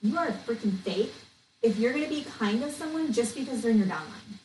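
A woman's voice: on the high side, lively intonation, brisk, darkish tone. A woman hosting a podcast, talking passionately and bluntly, venting and coaching. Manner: passionate, blunt, venting, says "okay?" often. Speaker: podcast host, network marketing coach. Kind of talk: fired-up solo podcast talk. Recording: echoey room, distant mic, faint noise.

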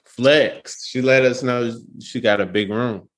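A man co-hosting a casual podcast chat, talking slowly and thoughtfully. He restarts sentences as he works toward his point. His pace is easy and unhurried. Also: mid-range voice. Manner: slow, thoughtful, trails into restarts.

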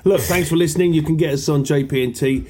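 A man's voice: on the high side, fast, a little mellow, slight background noise. A man co-hosting a football podcast, a comedian, chatty, jokey and self-mocking, on a video call. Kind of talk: casual chat.

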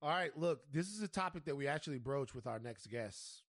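A man hosts a podcast in a playful, questioning way, his pitch swinging widely. The sound is close and dry. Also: expressive, a little fast, no echo. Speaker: podcast host. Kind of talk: casual chat.

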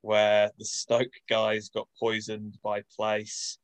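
A man leads a casual podcast chat, telling the story with a dry touch. His voice sits low. He keeps his pitch flat and steady. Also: slow pace, smooth. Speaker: podcast co-host.

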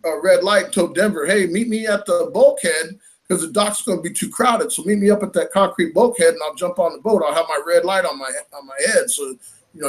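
High-voiced man telling a story. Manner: animated, laughing, acts out quoted lines. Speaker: fishing tournament angler. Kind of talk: casual storytelling.

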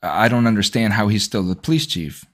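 Lowish-voiced man asking probing questions. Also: brisk, fairly bright tone. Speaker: podcast host. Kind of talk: interview questions.

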